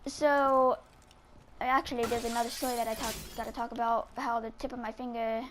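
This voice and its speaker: A woman's voice: a little high, flat delivery, brisk, a little hiss or hum. A woman telling a casual story while she plays a game, rambling and full of filler words. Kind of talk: casual storytelling over gameplay.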